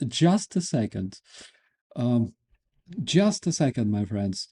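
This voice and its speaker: A male host whose first language is Ukrainian gives casual news commentary in a slow, unhurried way. He is sarcastic and keeps breaking into laughter. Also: medium pitch, very animated, dark tone, slightly rough.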